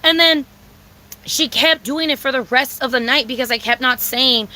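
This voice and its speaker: Woman, storytime rant, bright tense tone, higher pitch, blunt, profane, repetitive. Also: moderate pace, poor audio. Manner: animated, with sudden loud outbursts. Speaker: vlogger telling a story.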